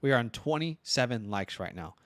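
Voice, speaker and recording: A man from Virginia co-hosting a live stream, chatty and teasing, giving quick asides. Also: mid-range voice, lively intonation, dry recording. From Virginia, United States. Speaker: co-host. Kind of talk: casual live-stream chat.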